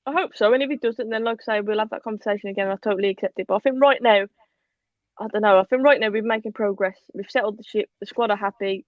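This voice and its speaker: A woman co-hosting a casual live football talk show, chatty and animated, reading out viewer comments. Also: medium pitch, fast talker, no echo, dull audio. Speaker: podcast co-host.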